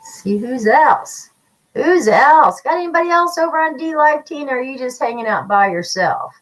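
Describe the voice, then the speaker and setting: A woman's voice: high-pitched, expressive, moderate pace, fairly bright tone, poor audio. A woman hosting a casual livestream, chatting with viewers in a feisty, blunt way. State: slight cough from paint fumes. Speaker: psychic livestream host.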